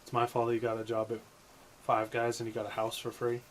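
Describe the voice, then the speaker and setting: A man's voice: medium pitch, monotone, a little fast, slight background noise. A young man, co-hosting a casual podcast chat and telling stories with lots of swearing. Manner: swearing, storytelling with quoted exchanges. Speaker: podcast co-host. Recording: music playing behind. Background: music.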